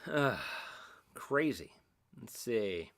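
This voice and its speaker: A man's voice: fairly low pitch, lively intonation, very slow, a bit bright. A middle-aged man hosting a casual livestream, rambling and self-mocking as he reads out and answers chat comments. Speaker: livestream host.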